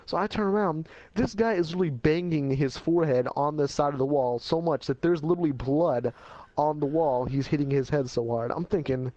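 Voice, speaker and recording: A man tells a wild life story in a loose, rambling way, full of slang, and his voice sits a little high for a man. The recording sounds dull and muffled at the top, and completely dry. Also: a little fast, warm tone, no room sound. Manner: rambling, slangy, laughs at himself. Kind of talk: casual spoken life story.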